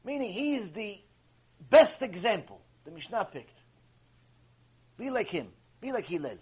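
Husky, high-voiced rabbi lecturing. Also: male voice, sing-song, unhurried, darkish tone. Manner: emphatic, repeats phrases for stress. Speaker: rabbi teaching a Torah class. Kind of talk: religious lecture.

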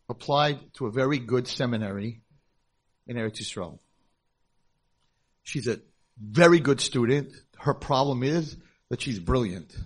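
A middle-aged rabbi and school founder gives a conference talk, animatedly telling stories and acting out the people in them with different voices. His voice is husky and medium in pitch.

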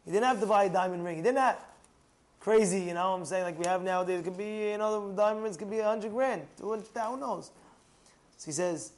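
A man, a rabbi, telling stories and teaching about marriage in a lively way, asking the listener questions and at times raising his voice to a shout. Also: sits high, quick pace. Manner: animated, asks the listener rhetorical questions, raises voice to a shout for emphasis. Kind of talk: storytelling talk on marriage.

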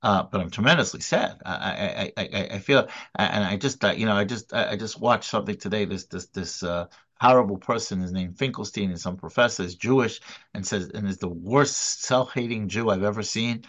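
Halting, earnest man teaching a class. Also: on the low side, a bit bright. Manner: halting, many repeated words and restarts; earnest, emphatic. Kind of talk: informal recorded lecture.

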